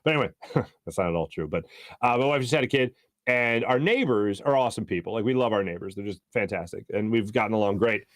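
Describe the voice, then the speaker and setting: A man's voice: on the low side, quick pace, dry recording. A man in his thirties with a Philadelphia accent, hosting a sports talk show and telling rambling stories full of restarts. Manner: rambling storyteller, energetic, many restarts. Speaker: sports radio host. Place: radio studio. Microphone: studio microphone.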